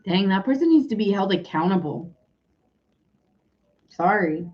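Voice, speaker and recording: A woman's voice: mid-range voice, unhurried, lo-fi sound. A woman giving a casual, chatty tarot reading, talking loosely and laughing often. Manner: chatty, giggly, animated. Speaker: tarot reader.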